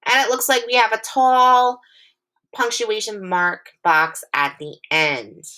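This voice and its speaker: A woman teacher giving a recorded phonics lesson to young children. She is clear, patient and encouraging, and reads the sample sentences slowly and with lots of expression. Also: on the high side, sharp tone. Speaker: elementary school teacher.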